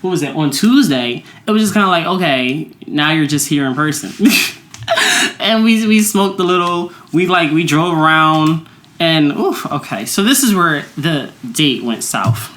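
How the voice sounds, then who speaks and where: A young woman from the United States co-hosting a podcast, telling stories in a casual chat and jumping into high quoted voices. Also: measured pace. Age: young adult. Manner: animated storytelling, swings into high voices when quoting herself. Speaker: podcast co-host. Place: indoor room at home.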